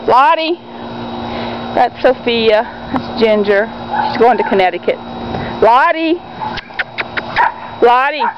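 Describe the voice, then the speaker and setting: A woman with a high, lively voice calls her dogs and chats to viewers in a leisurely, unhurried way. Her voice swoops up into a sing-song as she coos at them. It is a dull, lo-fi home video recorded outdoors, with dogs barking loudly all around. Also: noisy background. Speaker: dog owner filming her dogs. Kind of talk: casual home video narration. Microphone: handheld camera.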